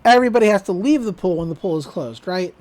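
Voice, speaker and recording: A woman's voice: lowish voice, lively intonation, fast talker, darkish tone, a little hiss or hum. A woman co-hosting a podcast, giving a chatty, casual recap with laughs and fillers. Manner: chatty, giggly, with frequent fillers. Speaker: podcast co-host.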